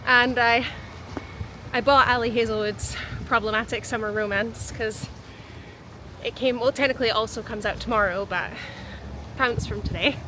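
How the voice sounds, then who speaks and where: A woman's voice: a little high, steady tone, normal speed, long pauses. A woman from Scotland, an author chatting in a casual vlog with a bubbly, chatty manner, recorded on a handheld camera. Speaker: author and vlogger. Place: city streets and a car. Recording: loud street and traffic noise.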